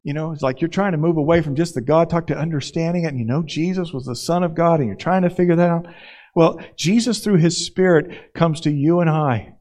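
High-voiced pastor preaching conversationally. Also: male voice, brisk, a little mellow. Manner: conversational, acts out the scenes. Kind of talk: sermon.

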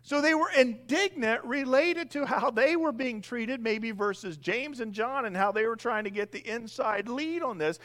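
A middle-aged male pastor preaching a sermon, acting out the disciples' voices in lively asides. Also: very high voice, normal speed, hardly any pauses. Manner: animated, acts out the disciples' voices.

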